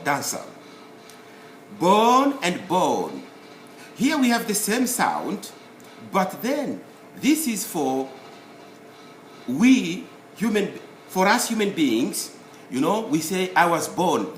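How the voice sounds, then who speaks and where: A man teaching a spelling lesson, explaining word by word in a slow, deliberate way with many pauses. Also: a little high, a bit bright, slight background noise. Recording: roomy echo, faint ambience.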